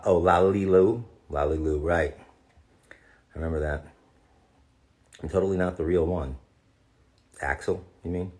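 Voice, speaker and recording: A man with a deep, low-set voice chats through a live fan Q&A, reading messages aloud and answering them with easy, teasing humor. He drops in fond asides to the audience as he goes. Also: a little mellow. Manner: playful, jokey, calls fans darling. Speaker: voice actor answering fan questions.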